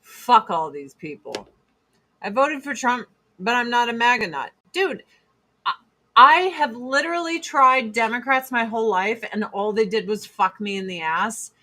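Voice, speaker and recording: A woman ranting in casual talk, blunt and profane, speaking in fast emphatic bursts. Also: on the high side, pushed and bright. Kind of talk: casual opinion rant.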